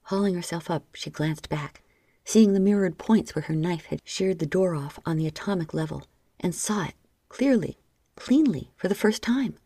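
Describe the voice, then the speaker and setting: A woman reading an erotic story aloud as audiobook narration, often sinking into a soft whisper. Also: on the low side, moderate pace, breathy edge, dry recording. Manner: soft, frequently dropping into whispers.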